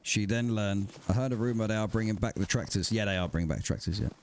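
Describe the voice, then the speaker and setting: A man's voice: on the low side, fast, a little hiss or hum. A man streaming a survival game live and chatting casually with his viewers in swearing banter. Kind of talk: casual livestream chat.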